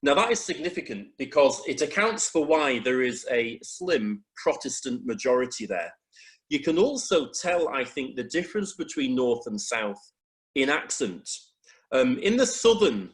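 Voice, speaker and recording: A man giving an illustrated history talk in a chapel, hesitant, with frequent pauses and restarts. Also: mid-range voice, very animated. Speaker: preacher.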